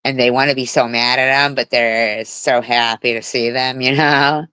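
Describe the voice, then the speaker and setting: A woman's voice: a bass voice, fairly even intonation, moderate pace, a bit bright, smooth, no room sound. A woman in her forties telling stories on a casual livestream, blunt and swearing freely. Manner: blunt, heavy swearing, storytelling. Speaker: livestream host.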